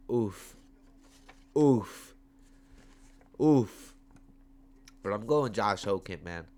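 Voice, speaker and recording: Slow, hyped man giving fight picks. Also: fairly low pitch. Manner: animated, slangy, hyped with big swings in loudness. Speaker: MMA betting picks host. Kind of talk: casual fight-pick commentary. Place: at home on camera. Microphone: webcam or phone on camera.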